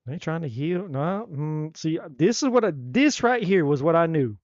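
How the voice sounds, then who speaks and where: A man giving a live tarot reading in a blunt, animated, slangy way. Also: fairly high pitch, moderate pace, few pauses, no echo, highs cut off. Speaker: tarot reader.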